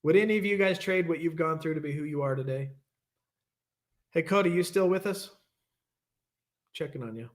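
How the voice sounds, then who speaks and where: A man's voice: fairly high pitch, moderate pace, pauses often. A young adult man hosting an online recovery meeting, candidly telling a rambling story and acting out what people said. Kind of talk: casual storytelling share.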